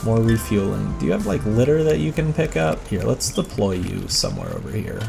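A man's voice: on the low side, very animated, brisk, gravelly, music in the background. A man giving casual, rambling gameplay commentary as a let's play host, self-deprecating and chatting to the characters on screen.

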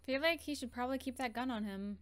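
High-voiced woman reacting to a movie. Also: quick pace, slight background noise. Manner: animated, exclaiming at the screen.

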